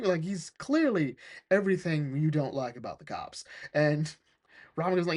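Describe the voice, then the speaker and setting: A man with a slightly raised pitch talks through a comic book story in a loose, conversational way. He is animated and laughs easily, breaking into quick impressions of the characters as he recaps the plot. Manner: animated, laughs often, acts out characters' lines.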